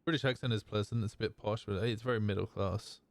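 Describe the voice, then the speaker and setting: A man's voice: fairly low pitch, fairly even intonation, quick pace, vocal fry, no echo. A man streaming a role-play game, chatting casually and reacting offhand to chat and the game.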